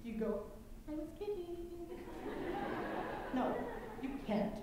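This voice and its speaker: A woman's voice: sits high, very animated, takes it slowly, distant mic, a crowd in the background, background noise, exaggerated voice. Woman playing a wistful record-obsessed man in an echoey hall. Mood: rueful. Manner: confiding asides to the audience. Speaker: stage narrator. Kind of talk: live stage musical acting. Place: school auditorium stage. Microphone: distant camera mic.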